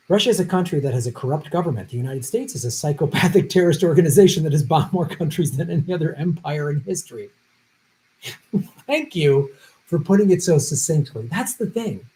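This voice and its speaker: A man's voice: a little high, darkish tone, poor audio. A man hosting a live stream, answering viewer questions in a blunt, profane, unscripted way. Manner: blunt and profane, with heated outbursts.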